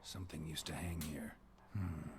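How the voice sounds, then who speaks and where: An actor playing a gruff, terse male monster hunter in a video game, muttering clipped observations to himself in a deep gravelly murmur. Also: fairly even intonation, moderate pace. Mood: musing. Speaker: game character. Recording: game audio with background noise.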